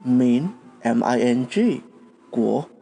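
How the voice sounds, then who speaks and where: A man's voice: mid-range voice, animated, slow pace, creaky, warm tone, husky, soft background music. A man from Taiwan, a podcast host giving a patient language lesson and spelling out words letter by letter.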